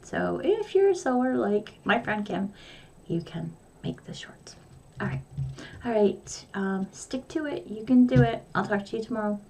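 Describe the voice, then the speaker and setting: A woman's voice: a little high, animated, moderate pace, a little mellow, slight background noise. An older woman with grown children and a grandson, telling a rambling story to her viewers in casual, chatty vlog talk. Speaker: vlogger.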